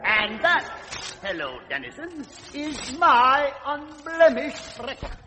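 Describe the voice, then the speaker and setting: An actor playing a smug male fish politician giving a speech, in 1940s radio acting style, slow and oratorical. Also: very high voice, big pitch swings, in a large hall, over music, heavily acted.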